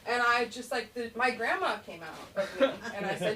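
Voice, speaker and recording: A woman's voice: a little high, normal speed, crowd noise. Rambling woman comic on a distant mic. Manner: rambling, animated, acts out kids and herself in voices. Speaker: stand-up comic at an open mic. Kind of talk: stand-up comedy set. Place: small comedy club stage. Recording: distant room mic with faint noise.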